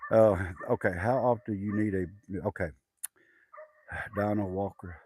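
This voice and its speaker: Reading viewer comments on his homestead livestream, this older Southern-accented Arkansan rambles outdoors, filling in and restarting often. He speaks at a measured pace with a lowish, darkish voice and fairly even intonation, with slight background noise.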